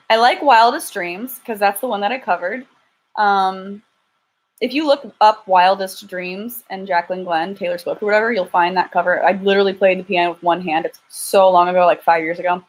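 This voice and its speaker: A woman's voice: medium pitch, normal speed, long pauses. A young woman talking casually on a home live stream, answering viewers one after another. She is frank and a little self-deprecating, with plenty of restarts and trailing thoughts. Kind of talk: casual live-stream chat reading super chats. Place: home, lives in LA.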